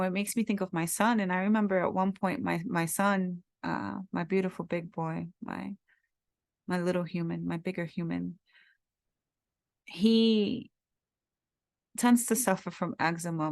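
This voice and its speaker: Lady podcaster w a low gravelly voice, earnest rambly reflective talk. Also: no echo, studio quality. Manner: earnest, heartfelt, rambling with repeats. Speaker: podcast host.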